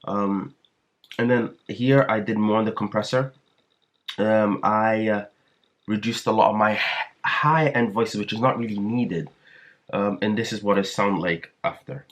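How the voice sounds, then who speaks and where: A man's voice: lowish voice, measured pace. A man hosting a casual music production tutorial, talking in a hesitant way with many fillers and restarts. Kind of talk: casual screen-recorded tutorial.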